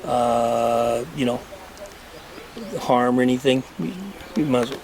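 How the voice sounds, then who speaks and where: A man in a casual chat who speaks earnestly and haltingly, with many restarts. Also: medium pitch, fairly even intonation, a little mellow.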